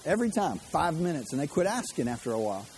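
A man's voice: a little high, big pitch swings, quick pace, darkish tone, slight background noise. A man preaching a sermon as pastor, chatty and conversational, with joking asides to the congregation.

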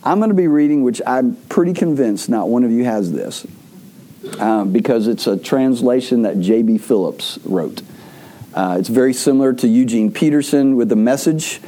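Mellow-voiced rambling pastor. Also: male voice, mid-range voice, lively intonation, normal speed. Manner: rambling storyteller with frequent restarts. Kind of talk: sermon.

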